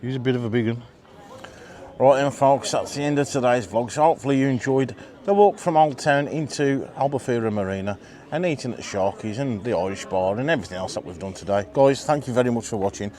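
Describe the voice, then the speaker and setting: Here the British host of a laid-back marina food vlog talks briskly in a mid-range, darkish voice. He jokes and chats as he tastes and reviews his food outdoors.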